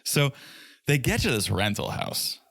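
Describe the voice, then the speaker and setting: A man's voice: mid-range voice, big pitch swings, unhurried, gravelly, fairly bright tone, breathy edge, no room sound. A man co-hosting a podcast, recapping a reality show with dry jokes and wry asides. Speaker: podcast co-host.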